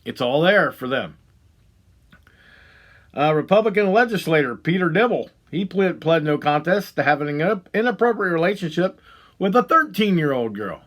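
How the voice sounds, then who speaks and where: A man hosting a podcast, delivering a profane, heated monologue that swings between loud outbursts and low muttering. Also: lively intonation, normal speed. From Ohio. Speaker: podcast host. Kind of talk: angry ranting monologue.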